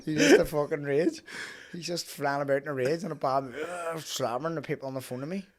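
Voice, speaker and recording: A man's voice: on the high side, expressive, fairly quick. A man from Northern Ireland with a Belfast accent, hosting a podcast and telling stories in casual chat, swearing often. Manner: swearing, laughing storyteller. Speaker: podcast host.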